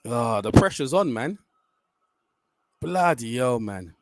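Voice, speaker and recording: A young man reacting live to a football penalty shootout, swearing, muttering tensely and then shouting. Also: mid-range voice, animated, takes it slowly, no room sound. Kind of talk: live watch-along reaction.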